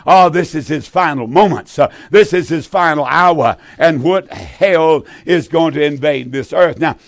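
A man's voice: fairly high pitch, no echo. Fervent eighty-year-old male preacher. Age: 80s. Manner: fervent, repetitive, folksy, drawn-out emphasis. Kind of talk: sermon with call-in appeal.

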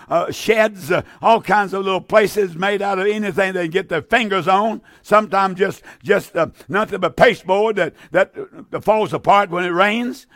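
A man's voice: high-pitched, fairly bright tone, no room sound, clean studio sound. A man preaching a fiery sermon, addressing listeners directly, repeating phrases and restarting his sentences.

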